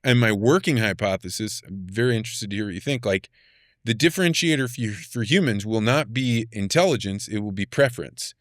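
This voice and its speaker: A man hosting a podcast, thinking aloud and posing questions in quick, searching bursts. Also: fairly low pitch, expressive, no echo, studio quality. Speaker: podcast host. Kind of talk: casual conversation.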